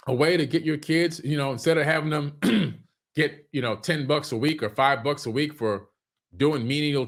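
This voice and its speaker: A man giving casual business advice at home, talking loosely with restarts and clearing his irritated throat. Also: on the high side. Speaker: online business coach. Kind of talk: casual monologue. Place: home room.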